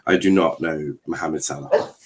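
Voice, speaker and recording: A man's voice: rumbling low, fairly even intonation, normal speed. A man hosting a live football watchalong, commentating casually with jokes, swearing and lots of fillers. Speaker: host.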